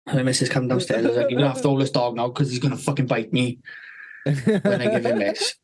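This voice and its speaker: A man, hosting a podcast, who tells a rambling, animated story, swearing constantly and laughing partway through. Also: medium pitch, quick pace, husky, poor audio. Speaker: podcast host. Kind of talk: casual storytelling chat.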